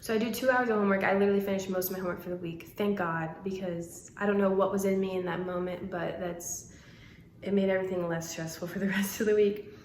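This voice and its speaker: A woman's voice: mid-range voice, fast talker, slight background noise. Chatty young woman telling a story. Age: 20s. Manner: chatty, animated, laughing through the retelling. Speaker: vlogger. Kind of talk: casual storytime. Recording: echoey room.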